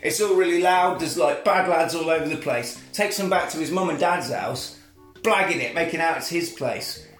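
A man's voice: on the high side, moderate pace, a bit bright. A man casually and jokily recapping a film plot, acting out its scenes as he goes. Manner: jokey, rambling, acts out scenes. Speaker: podcast co-host. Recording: roomy echo, faint music.

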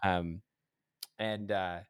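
A man hosting a casual interview, relaxed and agreeable in manner. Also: deep voice, extremely slow, smooth, no echo, clean studio sound. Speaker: podcast host.

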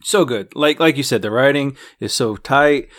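An easygoing man talks through a TV episode, often pausing on fillers as he retells scenes. His pitch sits in the middle. The recording is dry and close. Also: fairly bright tone, no room sound. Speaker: podcast co-host. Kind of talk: casual TV recap chat.

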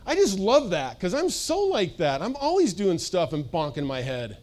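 Man preaching to a congregation, chatty and animated, voice slightly high. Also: normal speed. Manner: casual, animated, acts out voices, laughs often. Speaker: pastor. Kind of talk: sermon. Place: church service.

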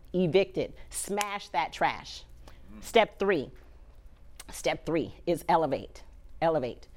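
Woman, motivational speaker on stage, punchy and emphatic, mid-pitched. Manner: energetic, emphatic, call-and-response with audience. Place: stage before a live audience.

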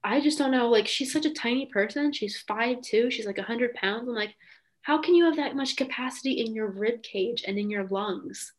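A young adult woman hosts a podcast, chatting casually and enthusiastically with plenty of "um" and "like." Her voice is on the high side, at a normal speed.

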